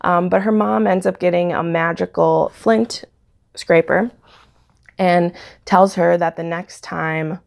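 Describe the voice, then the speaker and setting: Chatty woman with a gravelly, low voice. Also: takes it slowly. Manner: chatty retelling, frequent "um" and "like". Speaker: book reviewer. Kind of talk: casual book review vlog.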